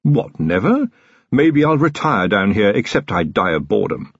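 Brief: male narrator voicing a sly, knowing manservant, high and lively, dry close recording. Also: moderate pace, slightly rough, no echo, dull audio, exaggerated voice. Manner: blunt, knowing, chatty. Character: shrewd cheeky male manservant, middle-aged.

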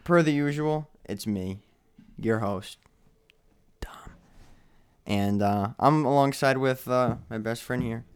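A young man hosting a podcast in casual chat, excitable, breaking into loud laughs and trailing off with fillers. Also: mid-range voice, takes it slowly, long pauses, clean tone. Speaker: podcast host.

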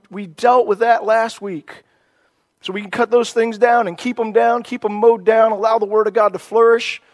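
A male pastor preaching a sermon with growing passion, often repeating and restarting his phrases. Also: very high voice. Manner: impassioned preaching with rising emphasis.

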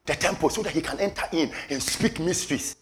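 A man preaching a sermon with passion, repeating phrases for emphasis and swinging from low murmurs to shouted peaks. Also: expressive, fast talker.

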